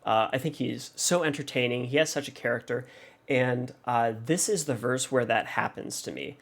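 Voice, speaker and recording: A man analyzing a song for his reaction video, his voice carrying a gravelly rasp. He thinks aloud at a mid pitch, pausing often and filling gaps as he works out ideas. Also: fairly bright tone. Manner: hesitant, thinking aloud, many fillers. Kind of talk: casual music analysis.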